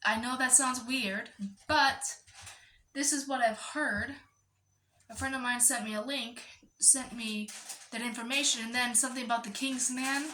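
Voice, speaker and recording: A woman's voice: on the high side, fairly even intonation, normal speed, sharp tone, reverberant, slight background noise. A woman vlogging in a chatty, digressive monologue, breaking off to scold her pet. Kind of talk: casual rambling monologue.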